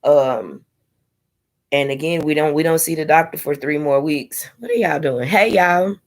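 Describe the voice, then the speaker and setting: A woman's voice: sits low, expressive, normal speed. A young woman in casual live-stream chat, candidly talking to her viewers with sassy asides. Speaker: vlogger sharing her IVF journey.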